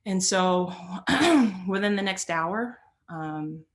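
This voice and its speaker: A woman's voice: medium pitch, animated, very slow. A middle-aged woman telling a personal story as a motivational speaker, earnest and emphatic, often repeating phrases for weight.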